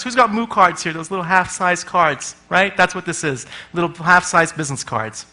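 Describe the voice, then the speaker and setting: A man giving a comic conference talk, animated and swearing freely, often acting out little voices. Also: high voice, moderate pace, hardly any pauses. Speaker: conference speaker.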